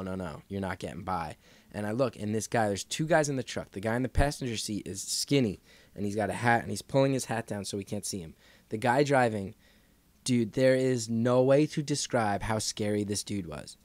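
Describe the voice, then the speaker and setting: A man's voice: fairly low pitch, no echo. Man telling a story, dry sound. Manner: animated, acts out quoted voices. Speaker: podcast guest. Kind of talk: casual storytelling.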